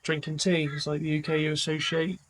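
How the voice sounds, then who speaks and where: A man's voice: fairly high pitch, level tone, a little fast, fairly bright tone, slight background noise, poor audio. A man, chatting casually as a vlogger, rambling with lots of fillers. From England. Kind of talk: casual chat.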